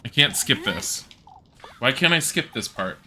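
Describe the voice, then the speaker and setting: A woman's voice: rumbling low, sing-song, unhurried, pushed and bright, slight background noise. A woman streamer giving casual, blunt commentary as she plays a game live on a desk mic.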